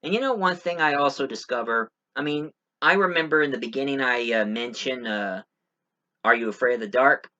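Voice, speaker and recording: A man's voice: mid-range voice, brisk, sharp tone, muffled recording. A man giving a casual spoken movie review, rambling with many fillers and restarts.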